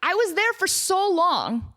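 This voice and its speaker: A woman podcast host telling a comedic story, self-deprecating and acting out quotes in an animated way. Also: very high-pitched, takes it slowly. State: out of breath.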